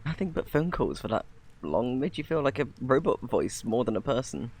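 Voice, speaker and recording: A man's voice: medium pitch, very animated, normal speed, darkish tone, husky. A man with a British accent voicing an eager, chatty male friend and fellow dad in a whispered role-play. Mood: excited.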